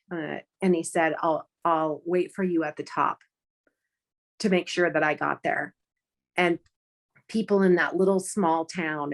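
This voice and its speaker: A woman guest telling a personal story in an earnest, halting way, often restarting her sentences. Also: sits low. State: close to tears. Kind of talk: conversational storytelling.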